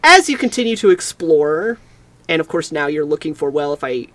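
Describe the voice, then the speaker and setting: Low-voiced woman, playful chat. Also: sing-song, moderate pace, a bit bright, dry recording. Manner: playful, giggly storytelling. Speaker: podcast co-host. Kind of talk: casual chat.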